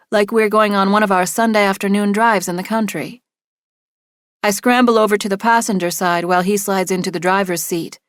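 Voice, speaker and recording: A woman's voice: mid-range voice, no echo, clean studio sound. A woman reading a first-person thriller audiobook in a tense, urgent style. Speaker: audiobook narrator.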